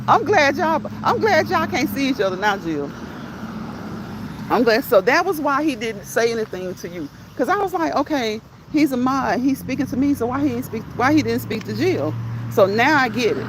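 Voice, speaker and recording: A woman's voice: fairly high pitch, a little hiss or hum. A woman hosting a casual livestream, reading chat messages aloud, laughing often and talking back to her viewers. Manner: quick, lively chatter.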